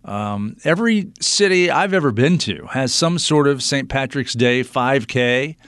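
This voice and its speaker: A man's voice: mid-range voice, unhurried, clean tone, no echo. Man, radio host, casual chat, lots of ums, dry sound. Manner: relaxed, many fillers.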